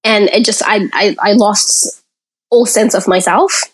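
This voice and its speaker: A woman from Africa speaks as a podcast guest, recounting her story in an open, candid way. Her voice sits at a middle pitch. She talks reflectively and takes pauses to collect her thoughts. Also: fairly even intonation, husky. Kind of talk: personal storytelling in an interview.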